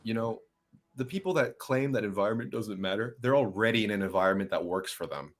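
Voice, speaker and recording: A man guest in casual conversation, telling stories in an animated way and mocking others in quoted voices. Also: lowish voice, fairly quick. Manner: animated storytelling with mocking impressions.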